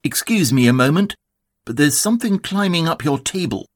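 Man reader voicing a cheerful storybook tiger, high, bouncy, boastful, dry recording. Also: expressive, normal speed, no echo. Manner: eager, boastful, high-spirited. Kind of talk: storybook reading.

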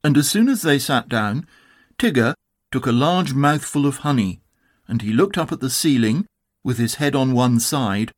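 A man narrating a children's storybook in a calm, measured, expressive way. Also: mid-range voice. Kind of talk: storybook reading.

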